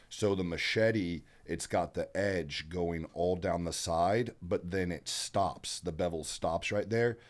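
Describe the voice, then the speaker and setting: A man speaks in a very low voice. He explains practical work steadily, in plain, down-to-earth terms, as a podcast guest. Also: darkish tone. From Georgia, US. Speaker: guest, blacksmith. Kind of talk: casual interview chat.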